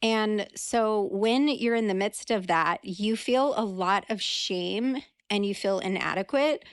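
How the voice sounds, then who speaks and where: A woman hosts a podcast, chatting easily and turning to address her listeners directly. Her voice is mid-pitched for a woman. The sound is dry and close, with no room around it. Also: slow, clear, resonant tone, no echo. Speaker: podcast host and labor nurse. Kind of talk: podcast interview.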